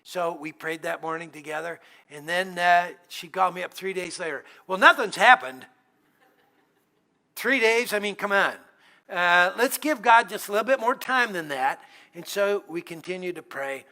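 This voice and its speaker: A man's voice: high voice, expressive, moderate pace, sharp tone. A middle-aged man preaching as a guest pastor in a church, telling humorous, conversational stories. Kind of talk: storytelling sermon.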